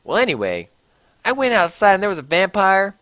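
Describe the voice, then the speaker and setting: A man's voice: high voice, wildly swooping pitch, fairly quick, a bit bright, dry recording. A man giving a sarcastic, mock-dramatic comic reading of a story. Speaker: reader.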